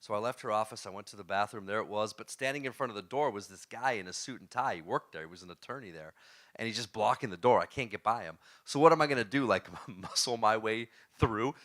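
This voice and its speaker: Bright-voiced man telling a lively story. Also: lowish voice. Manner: animated, asks the audience questions; laughs often while telling stories. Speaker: motivational speaker. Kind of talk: storytelling talk to a live audience.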